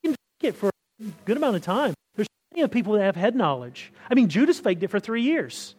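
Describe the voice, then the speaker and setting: A man's voice: high-pitched, sing-song, fast, darkish tone, slightly rough. A man preaching a conversational sermon to a church congregation, often restarting words and pressing his points with rising emphasis. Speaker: pastor. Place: church hall.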